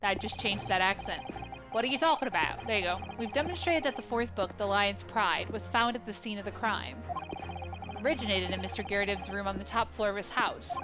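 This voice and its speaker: A woman's voice: medium pitch, a little fast. A woman playing a game who reads its dialogue aloud and adds chatty, incredulous asides. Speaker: let's play gamer. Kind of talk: casual gameplay commentary and reading aloud. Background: game music.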